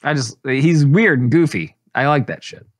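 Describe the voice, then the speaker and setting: Animated, joking podcast host, a man. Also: mid-range voice, normal speed. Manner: joking, crude, playful. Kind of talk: casual chat.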